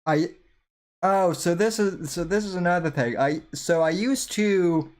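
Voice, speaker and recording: A man's voice: high voice, unhurried, a little mellow. A man hosting a podcast, chatting casually in rambling, self-deprecating asides. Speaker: podcast host. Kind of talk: casual chat, commentary on an old episode.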